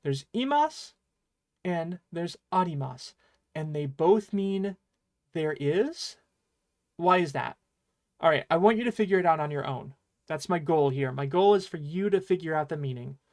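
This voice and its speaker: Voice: mid-range voice, expressive, moderate pace, darkish tone. A teacher giving an online Japanese lesson, explaining patiently and playfully, with dramatic emphasis on the example sentences.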